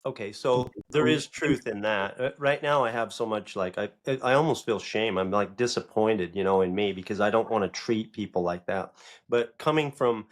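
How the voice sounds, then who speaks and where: A middle-aged man hosting a podcast, telling a story in a halting way, with restarts, repeated words and self-criticism. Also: fairly low pitch. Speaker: podcast host. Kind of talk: casual conversation.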